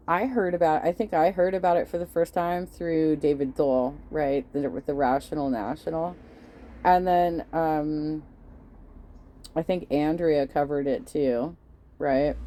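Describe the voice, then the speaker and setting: A woman's voice: low-pitched, warm tone. A woman hosting a casual reaction stream, talking in a loose, profane way and laughing often. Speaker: host reacting to videos.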